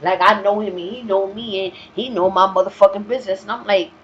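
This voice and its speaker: A woman's voice: medium pitch, fairly even intonation, fast, a bit bright. A woman hosting a talk show, speaking in a blunt, profane, streetwise casual monologue. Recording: dull, slightly lo-fi recording with faint hiss.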